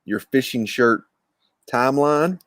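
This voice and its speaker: A man, co-hosting a casual podcast chat over drinks, talking in a fast, rambling, teasing way. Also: medium pitch, fairly bright tone, no echo, clean studio sound. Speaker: podcast co-host.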